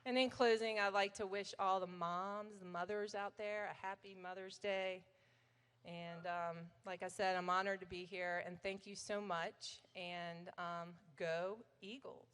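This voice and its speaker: A woman's voice: medium pitch, steady tone, a little slow, a bit bright, clean tone. Middle-aged woman, acceptance speech, anecdotal and chatty, reverberant banquet hall, podium mic. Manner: chatty, anecdotal, quotes her coach in his voice. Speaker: hall of fame inductee giving acceptance speech.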